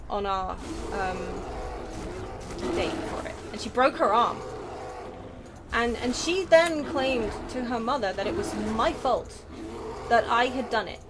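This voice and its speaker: A British woman in her thirties, with a voice sitting a little higher than most, chats away as she plays a game on stream. She drifts between tangents with self-deprecating asides. A steady hiss of noise runs under the recording. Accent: British English. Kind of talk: casual chat while playing a game. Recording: noisy home stream audio.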